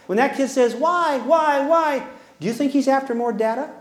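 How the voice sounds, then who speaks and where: A man leads a humorous parenting seminar, folksy and teasing, performing both sides of little dialogues for his audience. His voice is extremely high at a normal speed. The room echoes and the background is noisy.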